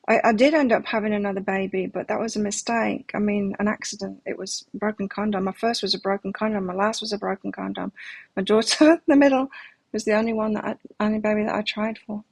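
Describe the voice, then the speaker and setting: A woman's voice: medium pitch, fairly even intonation, a little fast, gravelly, slightly rough, dry recording. A middle-aged woman giving a live tarot reading, talking candidly and reflectively and sharing personal stories. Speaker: tarot reader.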